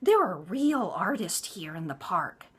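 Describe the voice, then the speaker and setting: A woman putting on the voice of a bossy, haughty older mother-in-law as she retells a family story, making her sound shrill and insistent. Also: sing-song, unhurried, a bit bright, slightly rough, full character voice.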